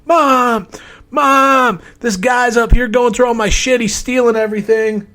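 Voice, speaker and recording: A man imitating a furious young man of about nineteen who shouts frantic accusations at his mother. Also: very high voice, fairly even intonation, a little slow, pitched above the performer's own voice, heavily acted. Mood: screaming, accusing.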